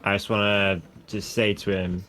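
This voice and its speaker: A man's voice: on the low side, little pitch movement, normal speed, a bit bright. A man playing a tabletop game, casual and laughing often. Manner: laughing, casual British slang. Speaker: player.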